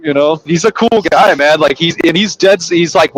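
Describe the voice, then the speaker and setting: A man's voice: on the high side, lively intonation, a little fast, few pauses, fairly bright tone, a little hiss or hum, poor audio. A young man chatting casually on a podcast, telling rambling, profane stories and laughing as he goes. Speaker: podcast co-host, trucker. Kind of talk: casual chat.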